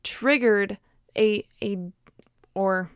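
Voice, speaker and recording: A woman's voice: mid-range voice, extremely slow, smooth, no echo, clean studio sound. A woman talking casually and frankly to camera, filling her speech with fillers and restarts. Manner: chatty, many fillers and restarts; frank, personal, laughs at herself.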